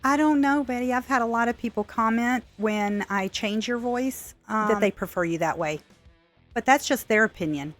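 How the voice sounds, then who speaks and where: A woman's voice: a little high, moderate pace, faint music behind. A woman hosting a commentary video, answering clips in a dry, sarcastic way. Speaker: commentary channel host.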